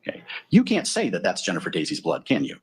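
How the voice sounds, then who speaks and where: A man with a husky, slightly breathy voice cross-examines a witness in a courtroom. He presses methodically, closing his points with leading tag questions. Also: sits low, huge pitch swings, fast. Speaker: defense attorney.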